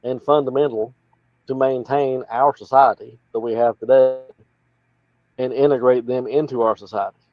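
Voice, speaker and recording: A man's voice: medium pitch, steady tone, normal speed, dull audio. A man with an Appalachian accent, talking in a plainspoken, folksy, rambling way as a political candidate in an interview. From North Carolina. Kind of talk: casual interview talk.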